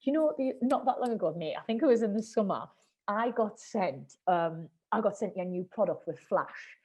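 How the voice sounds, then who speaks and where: A woman's voice: mid-range voice, lively intonation, moderate pace, a little mellow, husky, poor audio. A woman, hosting a podcast in casual chat and calling people mate. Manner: chatty, slangy, calls people mate. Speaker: podcast host.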